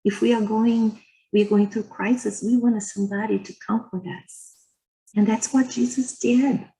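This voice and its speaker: A woman giving an earnest religious lecture as a guest speaker. She tells personal stories in short, gentle phrases. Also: a little high, steady tone, normal speed, rough recording. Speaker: guest speaker at a spiritist society.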